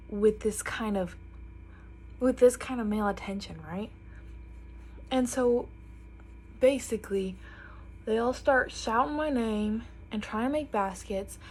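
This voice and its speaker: A woman's voice: fairly high pitch, slight background noise. A young woman telling a chatty storytime while getting ready, animatedly quoting others. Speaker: vlogger.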